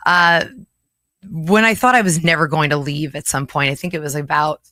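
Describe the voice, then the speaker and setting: Low-voiced woman in her 40s telling her story in an interview, earnest, emotional, laughs a lot, dry close sound. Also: fairly even intonation, normal speed, pushed and bright, dry recording. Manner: earnest and emotional, laughs often between hard memories. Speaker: interview guest, local chapter chair. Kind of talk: candid personal interview.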